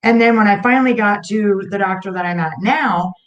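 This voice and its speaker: A woman's voice: mid-range voice, a little fast, dull audio. Frank, emphatic woman guest. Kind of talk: casual chat.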